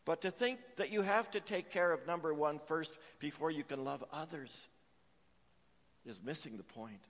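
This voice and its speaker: A man preaching a sermon as pastor, telling a story with frequent "uh" fillers and swinging between hushed and emphatic delivery. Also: fairly high pitch, normal speed. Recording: long reverb of a large hall.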